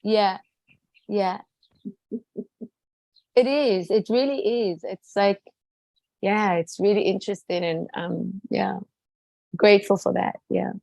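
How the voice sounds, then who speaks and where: A woman's voice: mid-range voice, slow, creaky, pauses often, no room sound, low-quality recording. Chatty South African woman with a dry close sound. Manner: lively storyteller, quotes people in different voices. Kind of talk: casual chat.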